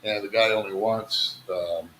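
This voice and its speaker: A man joins a friend's live stream and chats casually. He is friendly and helpful and likes to crack a joke. His voice sits a bit low but sounds bright, with faint background noise behind it. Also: steady tone, unhurried, rough recording. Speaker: fellow vlogger and guest. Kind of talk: casual conversation.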